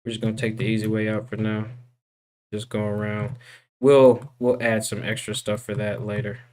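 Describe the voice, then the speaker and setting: A man's voice: fairly low pitch, flat delivery, normal speed, a little mellow, slight background noise. A young man streaming from his computer, chatting casually with his viewers and venting, full of slang like dude and bro. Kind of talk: casual live-stream chat.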